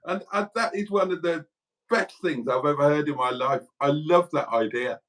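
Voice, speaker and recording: A man's voice: a little high, normal speed, fairly bright tone, rough recording. A British man co-hosting a livestream, telling a rambling anecdote with lots of fillers. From United Kingdom. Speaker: co-host. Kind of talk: casual livestream chat.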